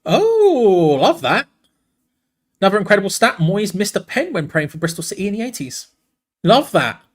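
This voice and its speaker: A man hosting a live football watch-along. He calls the play excitedly and breaks off to answer viewers in the chat. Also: sits high, normal speed. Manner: excitable, chatty, jumps between play-by-play and reading comments. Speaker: watch-along host and commentator.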